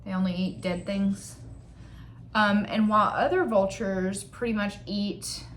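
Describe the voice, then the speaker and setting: Slow-talking young woman vlogger, rambling. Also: medium pitch, steady tone, slight background noise. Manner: rambling, joking and self-mocking; reads figures aloud from a screen. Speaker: beauty vlogger. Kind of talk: casual chat while doing makeup.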